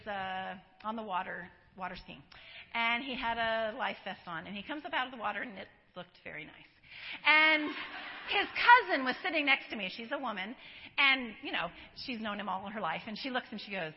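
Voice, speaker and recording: A woman's voice: on the high side, moderate pace. Chatty woman preaching in echoey hall. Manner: animated, chatty, laughs often. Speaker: women's ministry speaker. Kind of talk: church teaching talk. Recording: echoey hall, dull lo-fi recording.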